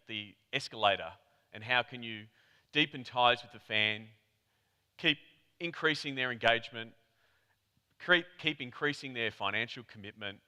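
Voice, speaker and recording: An Australian man gives a keynote talk in a reverberant hall, his bright, crisp voice carrying a long tail of echo. He tells his story in a chatty way, tossing quick asides to the audience. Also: mid-range voice. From Melbourne, Australia. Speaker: conference presenter. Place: conference hall.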